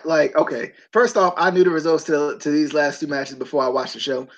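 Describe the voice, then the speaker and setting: A man hosting a podcast in a casual chat, animated and given to incredulous outbursts. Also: fairly high pitch, a little fast, few pauses. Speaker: podcast host. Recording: dull lo-fi mic.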